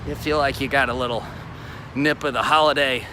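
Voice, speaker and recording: A man's voice: medium pitch, steady tone, brisk. A man hosting a casual walking livestream outdoors, rambling and poking fun at himself, filmed on a phone on a selfie tripod. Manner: rambling and self-mocking. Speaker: podcast host. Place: city street outdoors. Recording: outdoor street with traffic noise.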